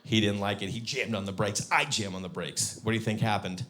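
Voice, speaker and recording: A man doing a stand-up comedy set on a live stage, animated and breaking into loud high-pitched punchlines. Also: a little fast.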